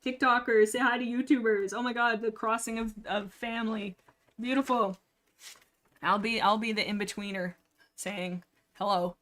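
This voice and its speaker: A woman's voice: a little high, fairly even intonation, moderate pace, a bit bright, a little hiss or hum. Chatty rambling woman livestreamer. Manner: laughs often and breaks off mid-sentence. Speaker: livestream host. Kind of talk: casual chat about books with read-aloud passages.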